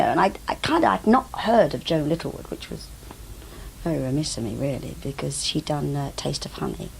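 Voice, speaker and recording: An older woman telling lively stories about her stage career, often acting out the voices of other people. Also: low voice, a little fast, gravelly, slightly rough, poor audio. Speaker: interviewee, actress recalling her career. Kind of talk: anecdotal reminiscing. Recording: old VHS broadcast tape.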